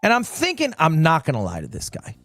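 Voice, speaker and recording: A man in his twenties telling a rambling story on his stream, swinging between low mutters and high exclamations. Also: huge pitch swings, brisk, gravelly, a bit bright, no echo, faint music behind. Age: 20s. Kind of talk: casual storytelling.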